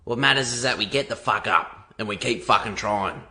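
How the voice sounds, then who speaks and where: Gravelly man with a bright, tense voice. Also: on the low side, brisk.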